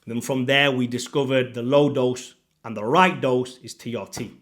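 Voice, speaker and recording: A man in his thirties, working as a fitness coach, gives a motivational talk directly to the camera. His voice sits in the mid range with a fairly bright tone and moves at a normal speed, and he is emphatic and pushy, hammering his points again and again.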